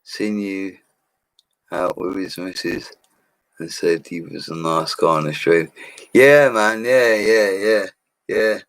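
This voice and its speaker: A man's voice: deep voice, fairly even intonation, slow pace, gravelly, pauses often, no echo. A man chatting casually on a live stream, upbeat and slangy, laughing often as he reads viewer comments. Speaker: livestream host reading viewer comments. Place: home studio.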